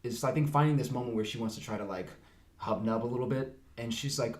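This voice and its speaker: Fast-talking, profane man in an echoey room. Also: fairly low pitch. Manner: fast, profane, animated storytelling. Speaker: actor, podcast guest. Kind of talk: casual podcast chat.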